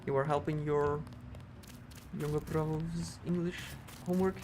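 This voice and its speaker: Man, German accent, rambling casual stream chat, lots of fillers, slightly high voice, game music in the background. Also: little pitch movement, measured pace. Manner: rambling, chatty, frequent "like" fillers. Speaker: speedrunner streamer. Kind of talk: casual livestream chat while gaming.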